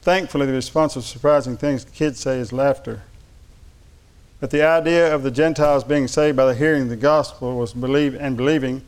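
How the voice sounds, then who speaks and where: Speaking at normal speed in a steady, medium-pitched voice, a man gives a sermon. He goes from reading comic anecdotes and laughing at them to preaching in earnest.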